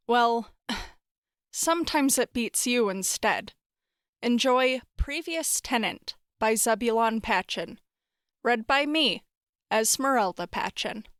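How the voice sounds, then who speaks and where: A woman narrating a horror story in a wry, expressive storytelling manner. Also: fairly high pitch, no room sound, clean studio sound.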